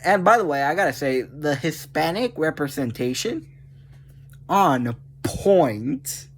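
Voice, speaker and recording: A man's voice: medium pitch, fairly bright tone, slight background noise. A man making a video, chatting casually and rambling, laughing often and joking at his own expense. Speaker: video creator. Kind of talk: casual chat about a video game.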